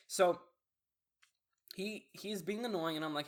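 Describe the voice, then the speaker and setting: Young man, podcast co-host, slightly high pitch, relaxed slangy talk. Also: fairly quick, long pauses. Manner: relaxed, reacts with short remarks, laid-back slang. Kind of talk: casual chat.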